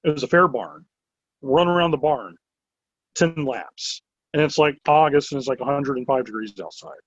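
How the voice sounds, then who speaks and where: A man who owns a wrestling promotion, telling stories in a casual interview with an animated, rambling manner and many filler words. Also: mid-range voice, moderate pace, no room sound. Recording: dull lo-fi recording.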